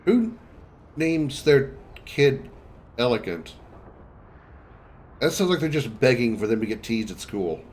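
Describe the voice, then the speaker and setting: A man livestreaming a video game, chatting casually and making wry remarks to his viewers. His voice sits at a middling pitch. There is a faint noise in the background. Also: sing-song, takes it slowly, long pauses, a little mellow. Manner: wry, chatty, talks to chat.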